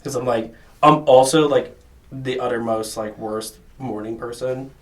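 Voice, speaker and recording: A man's voice: medium pitch, fairly even intonation, a little slow. A young man guesting on a podcast, chatting energetically in slang and saying "dude" and "like" constantly. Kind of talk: casual chat. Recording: voice distant from the mic.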